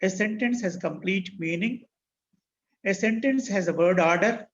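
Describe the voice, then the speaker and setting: A man's voice: sits high, a little slow. A man with an Indian English accent teaching an online English class, spelling terms out letter by letter and repeating key phrases. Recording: dull lo-fi online call with faint noise.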